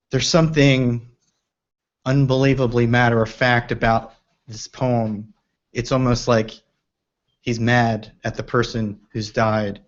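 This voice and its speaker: Male poetry commentator, unhurried and reflective, somewhat halting; dull, muffled sound. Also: mid-range voice, fairly even intonation. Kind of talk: spoken commentary on a poem. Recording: dull lo-fi recording.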